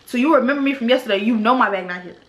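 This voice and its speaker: Young woman vlogger, slightly high voice, slangy and exasperated storytime, echoey room. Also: very fast. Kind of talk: storytime vlog. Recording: roomy echo.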